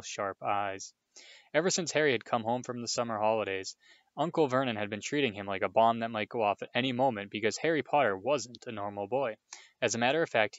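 A man's voice: lowish voice, dry recording, highs cut off. Man reading a storybook aloud. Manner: relaxed, informal asides. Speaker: reader.

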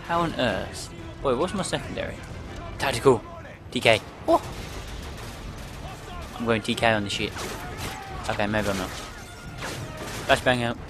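A man with a desk microphone giving excitable, swearing, self-mocking commentary on his own gameplay. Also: medium pitch, measured pace, pauses often, music in the background. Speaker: gaming channel host. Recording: loud game sounds behind. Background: gunfire and vehicle noise from the game.

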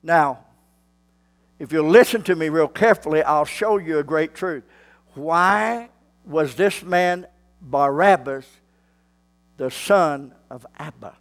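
A male pastor, preaching a sermon slowly and building to fervent shouts. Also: fairly high pitch.

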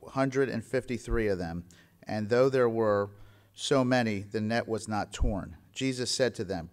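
A man reading a Bible passage aloud in church, in a measured, formal way. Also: medium pitch. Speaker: scripture reader.

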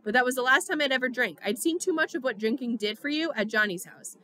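Woman reading a first-person novel, steady storyteller, brightish higher voice. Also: fast talker. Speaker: audiobook reader.

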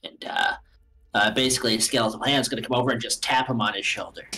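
A man's voice: medium pitch, fast, bright, forceful tone, soft background music. A man playing a tabletop game who jokes, swears and talks through his character's moves. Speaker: player.

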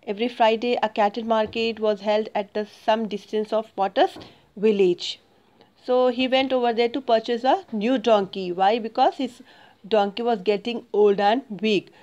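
A woman's voice: fairly high pitch, darkish tone. A woman teacher explaining a textbook story and grammar to children, asking questions and answering them herself. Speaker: English teacher.

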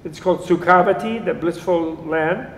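A man's voice: high voice, moderate pace. A man teaching a class on Buddhism in a casual, digressive lecture, joking and chuckling as he goes. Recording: echoey lecture room.

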